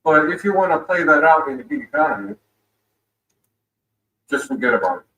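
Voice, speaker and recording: A man who drives gig deliveries, rambling in a laid-back way in a casual vlog clip. His voice sits a little high for a man. The recording is roomy, with him well back from the mic. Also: animated, brisk, bright, forceful tone. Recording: roomy, distant clip audio.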